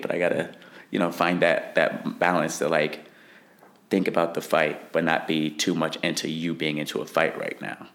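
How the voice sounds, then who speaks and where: Low gravelly young man, rambling. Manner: rambling, many "like" fillers. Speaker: fighter. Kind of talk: interview answers.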